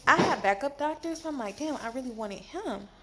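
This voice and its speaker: A woman telling a storytime vlog from a hospital bed after surgery, animated and exasperated, in pain. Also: high-pitched, a little fast, very noisy. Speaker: vlogger.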